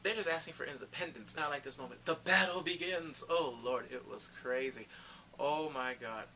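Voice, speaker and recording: A man giving a casual, excitable recap of a TV episode, talking in slang and acting out characters in quick asides. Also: a little high, slight background noise. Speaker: TV recap vlogger.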